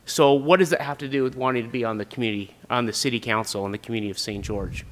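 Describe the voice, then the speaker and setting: A man's voice: medium pitch, very fast. A middle-aged man from Utah giving an earnest, prepared personal speech as an applicant for a city council seat, with frequent "uh"s. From Utah, USA. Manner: earnest, with frequent filler sounds.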